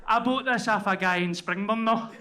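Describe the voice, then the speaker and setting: A man's voice: sits high, moderate pace, pushed and bright. A man with a Glaswegian accent hosting a live podcast, trading sweary, laughing, teasing banter on stage. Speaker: podcast host. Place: live show venue with audience. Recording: live audience crowd noise.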